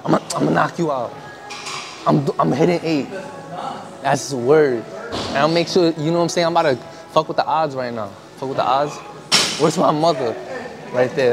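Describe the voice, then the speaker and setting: A young man chatting casually in a gym between sets, slangy and profane, telling stories with laughs. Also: mid-range voice. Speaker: vlogger. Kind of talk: casual workout vlog chat.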